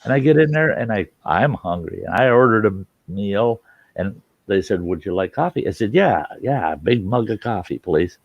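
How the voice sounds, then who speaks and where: A man's voice: lowish voice, moderate pace, no room sound, muffled recording. A man hosting a casual live stream, telling folksy road stories and acting out the people in them. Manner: folksy, animated quoting of people. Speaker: host.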